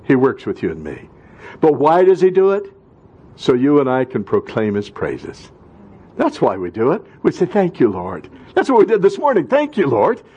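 A male pastor preaching a sermon, rising into emphatic calls and dropping to quiet asides. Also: medium pitch, wildly swooping pitch, moderate pace, breathy edge, dull audio.

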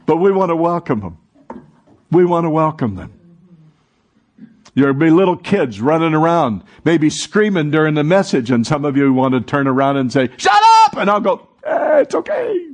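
A man's voice: a little high, animated, normal speed, darkish tone. A man preaching a sermon as pastor, calling on the congregation to answer and repeat after him. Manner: preaching, calls for congregation responses. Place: church sanctuary.

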